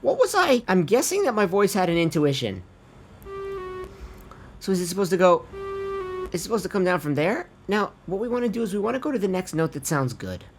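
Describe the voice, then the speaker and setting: Guy doing a laid-back music production tutorial, swears a lot, pitch bounces all over, quiet music behind. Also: sing-song, a little fast, long pauses. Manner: chatty, swears casually, addresses viewers as friends. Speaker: music producer teaching vocal tuning. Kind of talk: casual screen-recorded tutorial.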